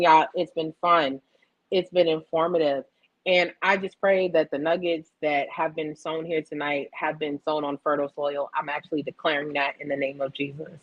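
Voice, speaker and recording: A woman hosting a weekly affirmation stream, talking in a lively, playful, preacherly way as she closes with announcements and blessings. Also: low-pitched, a little fast, muffled recording. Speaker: host of a weekly affirmation livestream. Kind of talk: casual spiritual talk.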